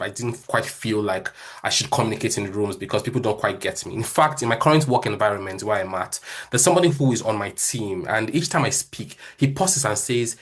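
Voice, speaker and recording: A man with a Nigerian accent, a Yoruba first language and a slight stutter, giving a motivational talk at a church and sometimes rushing his words. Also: fairly low pitch, fairly bright tone. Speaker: speaker at a church session.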